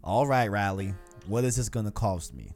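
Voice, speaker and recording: A man's voice: expressive, measured pace, soft background music, lightly acted. A man putting on a grumpy old codger. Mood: gruff. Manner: attempted deep raspy old-man voice. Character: gruff old male stable keeper, grumpy.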